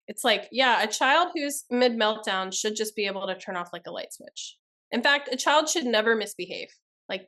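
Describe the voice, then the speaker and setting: A woman's voice: mid-range voice, a bit bright. Woman therapist guest on a podcast, blunt, emphatic, explanatory. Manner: emphatic, blunt, talks through examples. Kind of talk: podcast interview.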